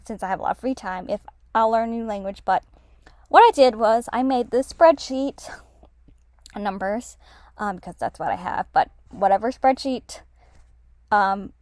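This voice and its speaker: A woman's voice: medium pitch, a little slow, long pauses, darkish tone, no echo, clean studio sound. A woman casually walking through her language-study spreadsheet, rambling with many fillers and self-corrections. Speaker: language learner explaining her notes. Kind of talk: casual screen-share lesson.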